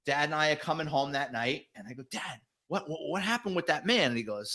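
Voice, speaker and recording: A middle-aged man with a New York accent, a retired detective telling profane, animated stories in an interview. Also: fairly high pitch, fairly quick. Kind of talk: storytelling interview.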